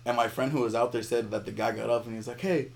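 A young man, a podcast guest, telling a story in casual chat, animated and laughing as he acts out the people in it. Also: mid-range voice, racing, creaky, slight background noise.

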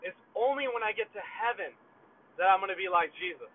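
A man's voice: sits high, expressive, fairly quick. Passionate preaching man, tinny phone-like sound. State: short of breath. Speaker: children's pastor. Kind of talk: podcast devotional message.

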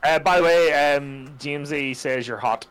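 A man's voice: on the high side, normal speed, fairly bright tone, a little hiss or hum. An Irish man co-hosting a podcast in casual chat, laughing often and swearing freely. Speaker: podcast co-host.

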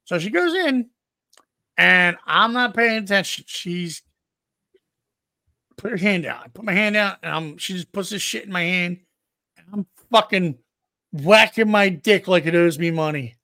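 Brief: male podcast co-host, high gravelly voice, bright edge, crude and boisterous storyteller, dry close sound. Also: lively intonation, unhurried, long pauses, dry recording. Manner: profane, boisterous, acts out quotes.

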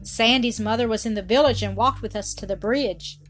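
An eager girl twin, breathless and high-voiced, put on by a woman reader. She talks over faint music. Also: normal speed, natural voice. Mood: excited.

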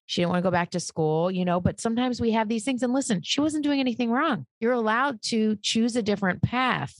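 A woman, a psychic medium, speaking as a guest in a casual interview, animated and acting out the voices in her stories. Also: a little high, fairly quick, dry recording, studio quality.

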